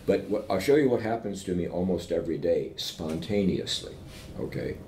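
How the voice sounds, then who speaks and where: A man with a slightly low voice tells lively anecdotes, pausing to ask his listeners if they follow. He sounds like he is in a roomy, echoing space with a faint rumble behind him. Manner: animated anecdotes, keeps checking in with "okay?". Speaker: invited professor speaking with entrepreneurs. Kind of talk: conversational storytelling.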